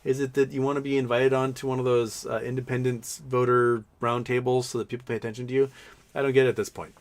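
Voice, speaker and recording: Host, male, casual stream talk, sarcastic and rambling, middle pitch. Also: level tone, quick pace. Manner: rambling, sarcastic, many restarts and mock voices. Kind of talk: casual live-stream commentary.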